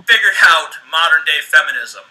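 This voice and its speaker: A man's voice: a little high, animated, normal speed, bright, forceful tone, low-quality recording. A man ranting in a vlog, crude and contemptuous, swearing freely. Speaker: video blogger in a played clip.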